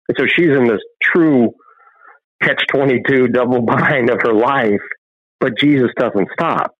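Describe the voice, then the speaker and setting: A man's voice: medium pitch, unhurried, breathy edge, no echo. Male guest preacher-storyteller, fervent, acts out scripture voices, muffled remote line. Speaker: guest, filmmaker and ministry founder.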